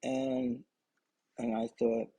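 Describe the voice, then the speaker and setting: Speaking very slowly, with a dark tone and little pitch movement in his medium-pitched voice, an older man tells his grandchildren a personal story. He rambles, restarts often and adds asides, and the audio is poor.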